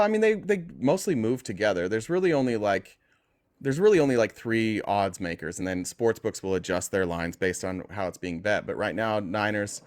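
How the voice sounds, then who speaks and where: Chatty, laughing male show host. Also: lowish voice. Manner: chatty, laughs often, teasing. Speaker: podcast host taking callers. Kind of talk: casual chat.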